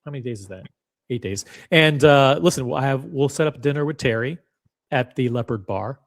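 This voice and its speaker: A man hosting a casual chat about watches, animated and quick to jump in with his own take. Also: mid-range voice. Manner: animated, talks over his guest, fond of restarts. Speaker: watch channel host.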